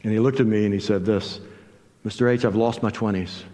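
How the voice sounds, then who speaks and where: A man's voice: lowish voice, a little fast. An older man preaching a sermon in a church, telling a story and animatedly acting out the dialogue. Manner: animated, acts out dialogue with rising intensity. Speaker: guest preacher. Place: church sanctuary. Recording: long hall reverb from a church.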